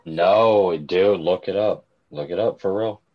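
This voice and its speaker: A man's voice: low voice, unhurried, lo-fi sound. A man in a casual group chat, rambling and swearing a lot, earnest as he tells stories. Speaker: guest on a cannabis livestream chat.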